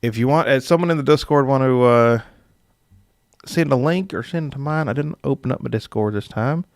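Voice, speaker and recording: Gravelly man hosting a casual stream. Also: medium pitch, moderate pace, dry recording, clean studio sound. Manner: relaxed, rambling, with filler words and chuckles. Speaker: dungeon master hosting a live stream. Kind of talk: casual live-stream chat, reading viewer comments.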